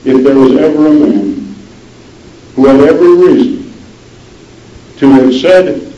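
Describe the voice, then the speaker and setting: A man telling a dramatic historical story in a measured way, often dropping low and soft for emphasis. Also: animated. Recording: roomy, dull lo-fi sound with faint noise.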